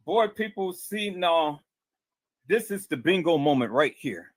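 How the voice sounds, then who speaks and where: A man with a high voice hosts a live stream, reading a report aloud and stopping to comment. He speaks slowly and dramatically yet animated, with a breathy edge, repeating words, stammering, and calling out to viewers constantly. The sound is dry and close, with no echo.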